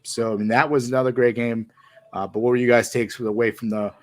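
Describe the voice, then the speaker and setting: A man's voice: mid-range voice, flat delivery, a little fast, no room sound, clean studio sound. A man hosting a casual sports podcast, recapping games hesitantly with many fillers and handing questions to his co-hosts. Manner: hesitant, filler-heavy, steers the talk with questions.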